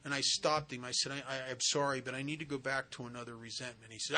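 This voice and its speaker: Bright-voiced man telling a recovery story. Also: mid-range voice, steady tone, quick pace. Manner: earnest storytelling, acts out quoted dialogue. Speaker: recovery speaker. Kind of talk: spiritual retreat talk. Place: retreat center hall.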